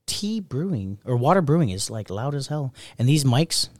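A man's voice: medium pitch, sing-song, normal speed, darkish tone. A man co-hosting a podcast, casually chatting and telling stories about his work as a restaurant server, laughing often. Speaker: podcast co-host. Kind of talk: casual chat.

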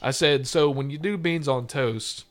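A man's voice: mid-range voice, a little slow. A man from the United States hosting a casual podcast chat, rambling and joking with frequent laughs. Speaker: podcast host.

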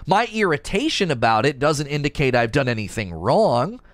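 A man in casual podcast talk, arguing his point in an animated, rambling, defensive way. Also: medium pitch, normal speed, dry recording. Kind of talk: casual argumentative chat.

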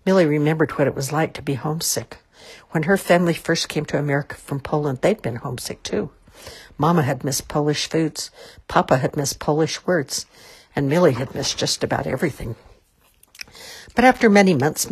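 Storybook narrator, woman, low and breathy. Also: a little fast. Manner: expressive, lilting. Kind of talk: storybook read-aloud.

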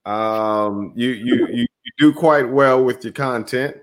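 A man interviewing a guest in casual conversation, unhurried with short affirmations. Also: mid-range voice, low-quality recording.

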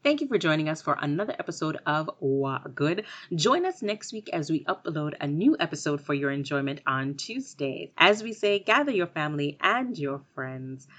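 A woman hosting a storytelling show, narrating a folk tale in an expressive, animated way. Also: deep voice, moderate pace.

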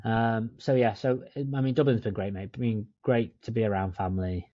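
A man's voice: fairly low pitch, fairly even intonation, moderate pace, no echo, lo-fi sound. A man co-hosting a casual podcast chat, laid-back, swearing now and then and calling his friend mate. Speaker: podcast co-host. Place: in Dublin, remote call.

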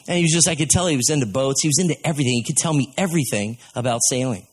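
A man's voice: mid-range voice, racing, slightly rough. Conversational male preacher telling stories. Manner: folksy storytelling, conversational. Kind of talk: sermon.

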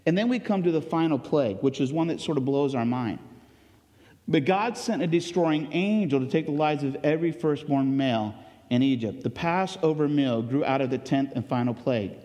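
A man's voice: on the high side, moderate pace, dark tone, in a large hall. A man preaching a sermon as pastor, earnest and conversational, with ums and restarts.

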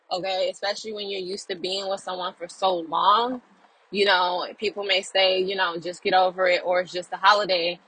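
A woman's voice: medium pitch, pushed and bright, breathy edge, dry recording, poor audio. A young woman talking casually to her viewers about faith, earnest and encouraging, repeating phrases and checking in with "right?" and "okay?". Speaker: Christian video creator.

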